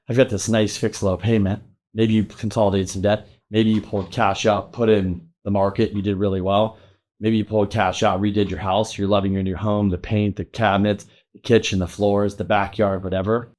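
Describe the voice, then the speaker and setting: A man's voice: mid-range voice, darkish tone. Ranting, emphatic middle-aged man. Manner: ranting, emphatic, casual swearing. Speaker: real estate loan officer and show host. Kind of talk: energetic market commentary to camera.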